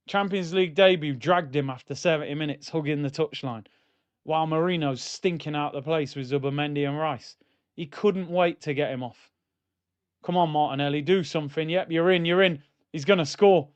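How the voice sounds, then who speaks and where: A man hosting a live football watchalong, ranting and bantering and shouting when goals go in. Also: on the high side, normal speed, smooth, dry recording, lo-fi sound. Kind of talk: live match watchalong commentary.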